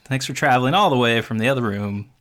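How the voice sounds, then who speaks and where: A man's voice: medium pitch, quick pace, fairly bright tone. Jokey male podcast host. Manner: jokey, teasing. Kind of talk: casual podcast chat.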